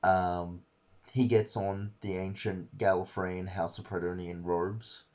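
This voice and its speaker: A man's voice: deep voice, flat delivery, slow, darkish tone, dull audio. A man hosting a podcast, casually retelling a story in a rambling way with fillers and the odd swear word. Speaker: podcast host.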